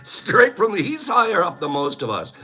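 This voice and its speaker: A man's voice: high voice, wildly swooping pitch, normal speed, bright, forceful tone, husky. A middle-aged man hosting a casual chat, goofy, often laughing and breaking into silly bird calls. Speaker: host.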